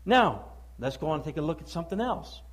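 A man delivers a sermon in a high, lifted voice. He leans hard on his points and keeps asking the listeners rhetorical questions. He shifts between loud declaiming and hushed, heavy stress. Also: animated, very fast, poor audio. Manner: emphatic, preaching with rhetorical questions; swings from loud declaiming to low, quiet stress. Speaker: preacher.

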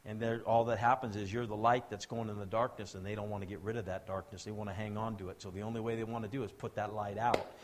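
A man's voice: fairly low pitch, little pitch movement, fast talker, few pauses. A man preaching a sermon to young people and adults, talking to them directly and asking them to answer back. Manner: swings between soft and loud, rising to emphatic exhortations.

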